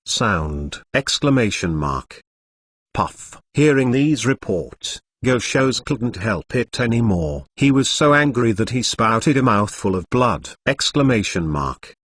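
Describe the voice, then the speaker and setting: A computer-generated man's voice narrates a web novel in a bouncy, up-and-down pitch, saying the punctuation marks out loud as words. The sound is close and dry, with no room around it. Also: sing-song, takes it slowly, husky, no room sound. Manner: reads punctuation marks aloud.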